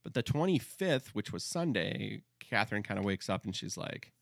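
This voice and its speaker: A man's voice: lowish voice, sing-song, normal speed, gravelly, hardly any pauses, no room sound. A young man casually telling a rambling, jokey story as a podcast co-host. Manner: rambling, jokey, slips into comic voices.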